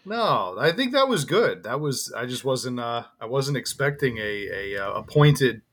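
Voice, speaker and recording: Podcast guy, bright sharp voice, rambles and laughs a lot. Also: mid-range voice, very animated, normal speed, breathy edge. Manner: rambling, laughs often, many restarts. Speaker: podcast co-host. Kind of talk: casual podcast chat.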